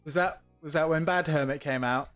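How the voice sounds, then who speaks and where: This gaming streamer's voice sits on the high side, a little fast and a bit bright. He keeps things relaxed, chatting with viewers and voicing his thoughts as he plays, while faint lo-fi music plays.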